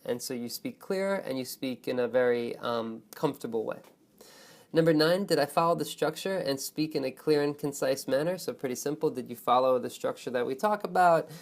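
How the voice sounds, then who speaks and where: A man teaching a speaking lesson to students. He talks in an expressive way, stretches key words for emphasis and keeps checking in with "right?" and "okay?". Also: medium pitch, fairly quick. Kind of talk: online lesson on test speaking.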